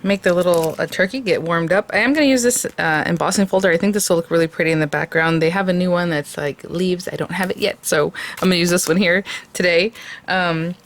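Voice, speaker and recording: A woman's voice: fairly low pitch, quick pace. Chatty woman gushing over craft supplies. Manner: chatty, gushing, many fillers. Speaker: craft video host. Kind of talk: casual product review and tutorial.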